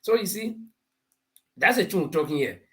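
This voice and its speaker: This man's high-pitched voice swings widely in pitch at a normal speed. Hosting a live talk show with a Liberian English accent, he gives political commentary and laughs while explaining points through homespun parables and stories.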